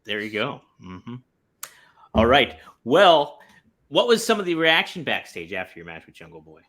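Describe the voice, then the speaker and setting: A man co-hosting a podcast, giving short prompts and quick replies in casual chat. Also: mid-range voice, wildly swooping pitch, fairly bright tone. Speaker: podcast co-host.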